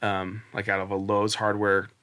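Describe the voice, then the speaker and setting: A man's voice: on the low side, monotone, moderate pace, bright, forceful tone. A man in his forties, a podcast guest, earnestly telling a personal story in a rambling way, full of restarts and fillers. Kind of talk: casual storytelling interview.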